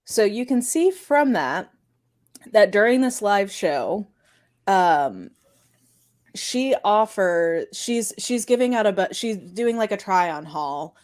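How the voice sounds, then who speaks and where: A woman co-hosting a podcast, recounting a story in a quick, chatty way with lots of filler words. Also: mid-range voice, lively intonation, darkish tone. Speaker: podcast co-host. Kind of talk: casual storytelling chat.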